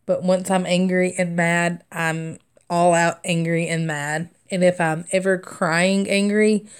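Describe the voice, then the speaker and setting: A woman's voice: fairly low pitch, flat delivery, a little slow, clean tone. A young adult woman hosting a craft livestream, chatting casually and rambling through stories with frequent laughter and fillers. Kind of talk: casual storytelling chat while stitching.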